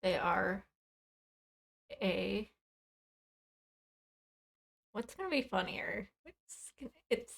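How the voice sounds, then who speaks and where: A woman's voice: medium pitch, animated, extremely slow, creaky, pauses often. A woman player in a casual tabletop game, talking hesitantly.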